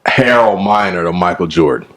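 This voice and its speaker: A man's voice: low voice, normal speed, a bit bright. A man co-hosting a podcast in casual chat, rambling with lots of fillers and joking defensively. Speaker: podcast co-host.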